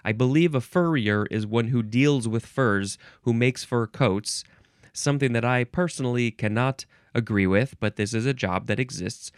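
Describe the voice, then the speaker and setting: A man's voice: mid-range voice, normal speed, smooth, no echo, studio quality. A man hosting a casual solo podcast, reading dictionary entries with wry, musing, goofy asides.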